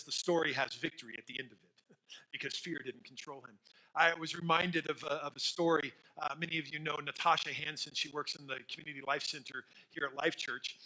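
A middle-aged man preaching a sermon as pastor, telling stories in an animated way with fillers and dropping to quiet emphasis. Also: high-pitched, low-quality recording.

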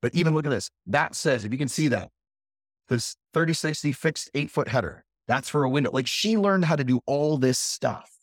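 A man hosting a podcast in a casual monologue to his camera, blunt and profane, animated and emphatic. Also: mid-range voice, moderate pace, dry recording, studio quality. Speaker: podcast host. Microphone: computer camera at a desk.

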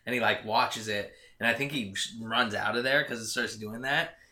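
A man chatting casually about movies, telling scenes in an animated way with swearing. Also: fairly low pitch, normal speed, reverberant, noisy background.

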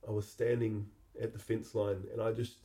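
Low, dark-voiced man. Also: flat delivery. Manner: halting, repeats words while recalling. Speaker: podcast host. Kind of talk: reflective personal storytelling.

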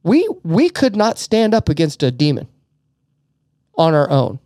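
Brief: middle-aged male podcast host, slightly high voice, dry close sound, earnest and emotional, stumbles and restarts. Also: sing-song, a little slow, dark tone, no echo. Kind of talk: casual faith talk.

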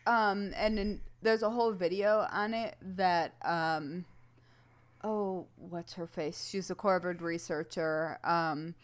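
Woman cohost with a lowish voice, rambly, lots of um and uh. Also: steady tone, slow pace. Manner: rambling, hesitant, many ums and restarts. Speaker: podcast co-host. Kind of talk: casual chat.

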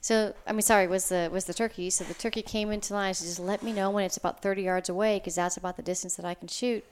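A woman telling her own story in casual chat, animated and excitable, acting out what she said. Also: mid-range voice, fast talker, smooth. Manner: animated, excitable, quotes herself.

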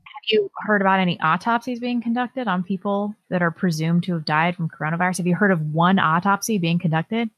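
Sarcastic low-voiced woman podcast host. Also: brisk, dry recording, lo-fi sound. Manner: sarcastic, reads listener comments aloud. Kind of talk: casual political chat.

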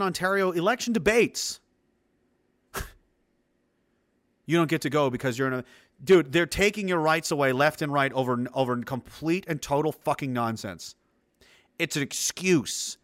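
A man delivering a heated, profane monologue of political commentary, emphatic and fast to anger. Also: a little high, fairly bright tone, no echo. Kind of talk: ranting monologue.

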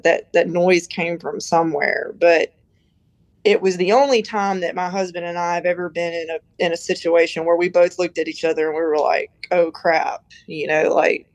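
Low-voiced woman telling a story casually. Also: no room sound, poor audio. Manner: rambling, chatty, peppered with "you know" and "like". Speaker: podcast guest.

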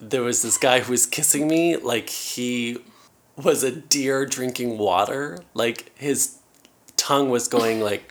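A man's voice: mid-range voice, slow. Playful laughing male podcast host. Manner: playful, laughs often, storytelling. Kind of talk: casual podcast chat.

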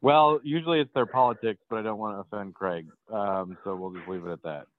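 A man's voice: fairly low pitch, brisk, no room sound, phone-quality sound. A man from Wisconsin with a Wisconsin accent, co-hosting a podcast in a casual, chatty way and laughing often. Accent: Upper Midwest, Wisconsin. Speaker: podcast co-host. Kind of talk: casual chat.

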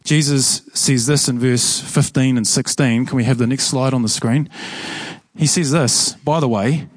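A man's voice: medium pitch, fairly even intonation, a little slow, no room sound. A man preaching a sermon in a church in a conversational way, often repeating phrases for emphasis. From New Zealand. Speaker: pastor.

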